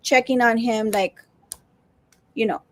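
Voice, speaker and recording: A woman's voice: a little high, steady tone, measured pace, no room sound. A woman co-hosting a casual teachers' talk stream, chatty, often reading out viewer comments. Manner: chatty, reads comments aloud. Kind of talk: casual chat.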